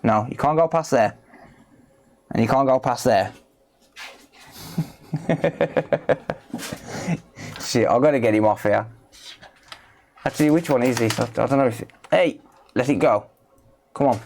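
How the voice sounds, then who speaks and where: A man's voice: mid-range voice, unhurried, pauses often, a little mellow, a little hiss or hum. A man with a British accent chatting casually on a repair livestream, coaxing and playful. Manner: chatty, coaxing, talks to pets with playful asides. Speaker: repair streamer.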